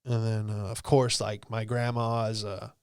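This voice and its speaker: A man's voice: fairly low pitch, level tone, moderate pace, a little mellow, smooth, no echo, clean studio sound. A man in his late twenties from Virginia, hosting a podcast and telling a story in a loose, casual way, swearing freely and saying "dude" and "like" a lot. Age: late 20s. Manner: laid-back, swears freely, peppered with "dude" and "like". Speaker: podcast host.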